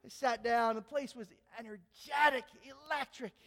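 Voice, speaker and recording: A very high-pitched male preacher tells a story from the pulpit with animated energy, building to shouted peaks. His voice rings through a large hall with long reverb. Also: normal speed, background noise. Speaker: pastor. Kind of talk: sermon with personal story.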